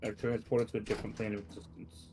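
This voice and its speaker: A man's voice: fairly low pitch, little pitch movement, fast, mellow. A man playing in a live tabletop game, asking questions and methodically listing his character's options. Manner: inquisitive, lists options methodically. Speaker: player. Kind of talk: casual tabletop chat.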